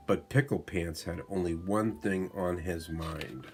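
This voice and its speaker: Brief: father reading a picture book at bedtime, lower voice, very slow, faint music behind. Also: fairly even intonation, darkish tone. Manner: slow, unhurried reading aloud. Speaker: father reading to his son.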